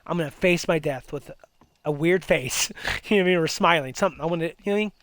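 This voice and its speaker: A man's voice: fairly high pitch, quick pace, fairly bright tone, no echo. A young man telling a ghost story in casual chat, rambling with many restarts and fillers. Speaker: host.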